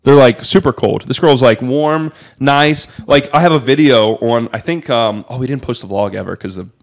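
A man's voice: mid-range voice, moderate pace. A young man, a podcast guest, telling casual stories full of "like" and swearing. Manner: loose and animated, heavy on "like" fillers and swearing. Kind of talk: casual storytelling.

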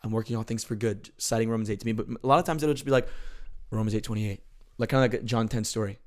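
Speaking quickly in a lowish voice, this man recounts prayer stories during an earnest, casual chat. He often starts his sentences over and becomes lively whenever excitement takes hold.

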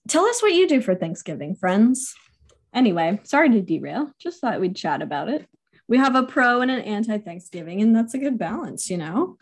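Relaxed, chatty young woman podcast host. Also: on the high side, fairly quick. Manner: relaxed, chatty, laughs often. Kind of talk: casual book-club chat.

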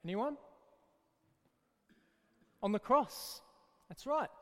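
This is a children's Bible talk from a man who leads children's church, told as an energetic, encouraging story. The long hall reverb surrounds his high, unhurried voice.

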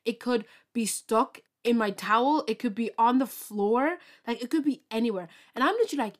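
Young woman rambling on her podcast, bubbly and excitable, lots of ums and likes. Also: fairly high pitch, moderate pace, hardly any pauses. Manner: bubbly, excitable, rambling with many fillers and laughs. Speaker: podcast host. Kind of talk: casual solo podcast chat.

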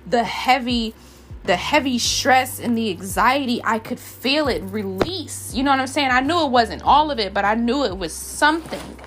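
A young woman vlogging in a casual, expressive and slangy way, laughing often as she talks. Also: a little high. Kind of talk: casual chat.

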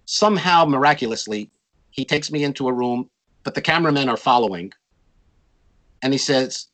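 An older man telling stories from his music career in an interview, animated and acting out quotes in a raised voice. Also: mid-range voice, moderate pace, poor audio. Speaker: interview guest, jazz musician. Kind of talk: storytelling in a conversation.

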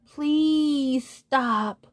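Woman doing a frightened, pleading moon. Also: extremely slow. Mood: pleading, grateful. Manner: high, begging.

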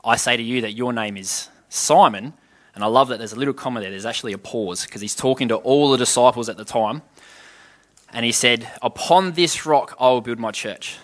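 A man's voice: mid-range voice, brisk. A man giving an informal Bible teaching, reading scripture passages aloud and then explaining them in an easygoing, conversational way, with questions to his listeners.

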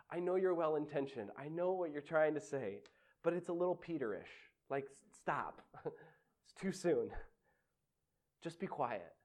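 A man voicing God as a patient father, speaking softly and hushing a follower. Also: on the high side, lively intonation, measured pace, long pauses.

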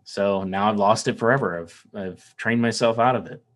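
With a lowish, slightly bright voice at a normal speed, this man from the American South, accent-free, chats casually on a podcast. He speaks earnestly and rambles, often backing up to restart and repeating words.

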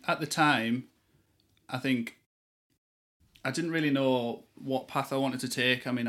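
A man, a guest on a studio podcast, talking in a relaxed, rambling way with restarts. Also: mid-range voice. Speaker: guest, yoga teacher. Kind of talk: casual interview chat.

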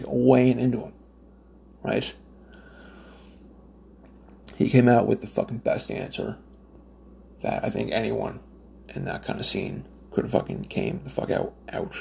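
A man's voice: medium pitch, creaky, darkish tone, slight background noise. A man from Nova Scotia, Canada, ranting in a casual, profane, rambling monologue with lots of fillers and restarts. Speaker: smoker telling stories.

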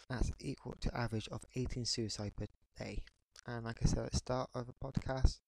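This is a man in his thirties ranting on his podcast, with a low, gravelly voice. His tone is dark and heavy. He talks in frustrated, halting bursts and keeps falling back on "you know". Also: dry recording, low-quality recording. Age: 30s. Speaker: podcast host. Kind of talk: podcast rant monologue.

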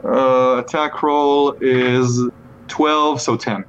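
Jokey player on a dull, lo-fi line. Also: male voice, medium pitch, fairly even intonation, drawn-out words. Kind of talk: playing a tabletop game. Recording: dull, lo-fi sound with loud crowd noise.

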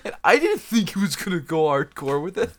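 A man's voice: high voice, very animated, fairly quick. A young man hosting a casual podcast chat with friends, loose and joking and swearing freely. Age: young adult. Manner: loose, laughing, swears a lot. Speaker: podcast host.

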